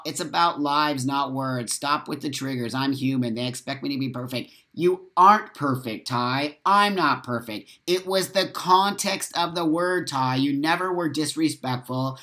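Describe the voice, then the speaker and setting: A man's voice: on the high side, a bit bright. A man hosting a casual live stream, reading viewer comments and answering them in a heated, emphatic way. He swears freely and speaks straight to his viewers, wired on coffee after a poor night's sleep. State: over-caffeinated and short on sleep.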